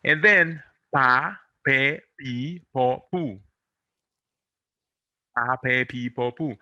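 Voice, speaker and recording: A man from America, teaching pronunciation in English, patiently drilling syllables and gently encouraging. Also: mid-range voice, no echo, muffled recording. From Latin America. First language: Spanish. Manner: patient, drills syllables slowly and repeats them; encouraging, gently corrects and reassures. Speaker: Spanish teacher. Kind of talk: online pronunciation lesson.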